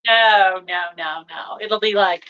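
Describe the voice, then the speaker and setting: A woman's voice: mid-range voice, takes it slowly, bright, forceful tone. A woman hosting a live stream, chatting casually and rambling with fillers. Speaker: livestream host. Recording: dull lo-fi livestream audio.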